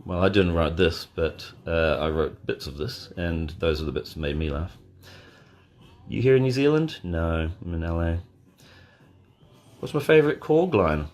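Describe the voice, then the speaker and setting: A man hosting a casual live watch party from bed, answering chat questions in a deadpan, joking way. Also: low-pitched, moderate pace. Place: in bed at home. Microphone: phone.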